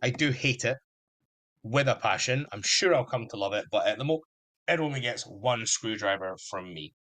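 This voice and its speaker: A young man hosting his own podcast alone, chatting casually. His voice sits at an ordinary middle pitch, and he rambles along with an eager fan's enthusiasm. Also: expressive, normal speed, fairly bright tone. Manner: enthusiastic, rambling fan talk. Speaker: podcast host. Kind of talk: casual solo podcast chat.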